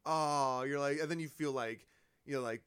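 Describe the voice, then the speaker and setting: A young man talks as a podcast guest and stand-up comic. His speech rambles in loose chat, packed with filler words and easy laughter, at a middling pitch. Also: moderate pace, a bit bright, smooth. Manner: rambling, full of "like", laughs often. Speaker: comedian guest. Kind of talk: casual chat.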